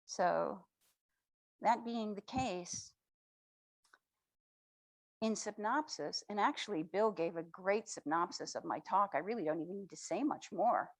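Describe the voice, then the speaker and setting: A woman speaker giving a spiritual talk at a spiritual center, retelling a story in a slow, reflective, affirming way. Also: mid-range voice, low-quality recording. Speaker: guest speaker.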